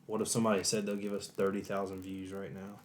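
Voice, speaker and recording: A man's voice: deep voice, completely flat delivery, quick pace. A man chatting casually while building a model set, teasing his friend in a dry way. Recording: noisy background.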